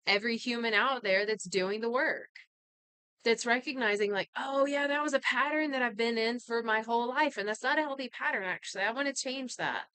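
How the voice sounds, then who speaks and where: A woman's voice: fairly high pitch, sharp tone, clean tone, dry recording. A woman giving an earnest, casual talk on healing and inherited patterns, full of conversational asides.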